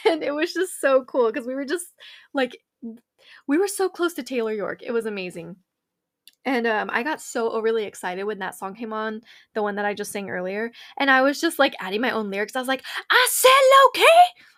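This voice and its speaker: A young woman, hosting a podcast and telling stories in a bubbly, animated way with lots of quoted dialogue. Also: a little high, brisk. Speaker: podcast host. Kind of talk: casual storytelling.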